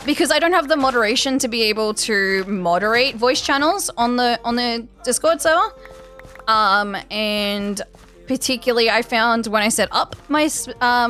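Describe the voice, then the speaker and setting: An Australian woman streams a game and chats loosely with her audience, her voice sitting a little high. She rambles, doubles back and fills the gaps with "um" and "like," with faint music playing behind her. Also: pushed and bright. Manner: chatty, rambling, many fillers and restarts. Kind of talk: casual chat with live viewers.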